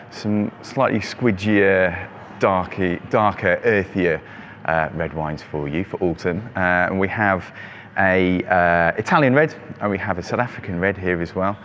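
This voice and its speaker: A man's voice: low voice, a bit bright, dull audio, a little hiss or hum. A man hosting a monthly wine selection, chatting casually with many ums and fillers. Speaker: wine shop host presenting monthly selection. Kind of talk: casual product talk. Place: shop with traffic outside.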